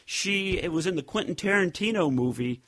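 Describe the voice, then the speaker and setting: Husky-voiced man telling rambling stories. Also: sits high, animated, fairly quick, fairly bright tone. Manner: rambling storyteller, acts out quotes. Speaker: podcast co-host. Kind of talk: casual chat.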